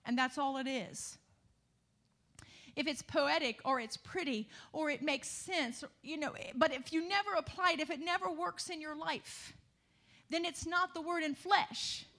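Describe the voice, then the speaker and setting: A woman preaching a sermon, moving from conversational asides to the congregation into loud, rising emphasis with calls of hallelujah. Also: sits high, a little slow.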